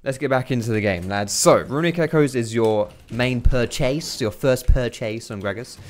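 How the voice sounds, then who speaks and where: A man's voice: mid-range voice, moderate pace, a little hiss or hum. Man, young adult, casual gameplay commentary, chatty, swears a lot. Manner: chatty, swears freely, laughs often. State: out of breath. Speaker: gaming commentator.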